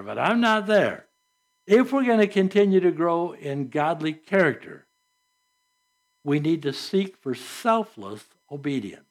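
A man preaching a sermon as pastor, reading scripture and adding earnest, conversational asides with soft laughs. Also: on the high side.

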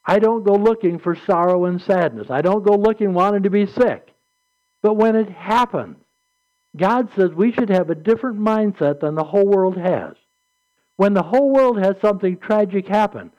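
A man's voice: high voice, expressive, moderate pace, a little mellow. A man preaching a sermon, retelling scripture stories in an earnest, plainspoken way and reading verses aloud. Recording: muffled lo-fi recording.

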